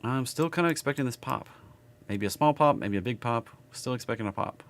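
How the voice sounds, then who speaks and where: A man's voice: medium pitch, lively intonation, fairly quick. A man with a Southern US accent giving casual live market chart commentary, rambling and thinking aloud as he works. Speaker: market analysis streamer.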